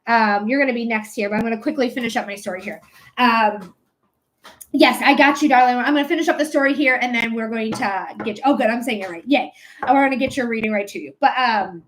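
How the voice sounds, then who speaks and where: A woman in her thirties, a psychic streamer, telling a family story live and stopping to thank viewers, chatty and animated with lots of ums and casual swearing. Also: a little high, rough recording. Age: 30s. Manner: breaks off to thank viewers by name.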